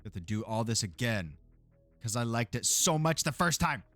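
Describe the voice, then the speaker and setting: A man's voice: medium pitch, big pitch swings, moderate pace, fairly bright tone, faint music behind. A man from Texas chatting casually and cursing while streaming a game, laughing often. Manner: laid-back, profane, laughs often, jokey asides. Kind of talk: casual live gameplay chat.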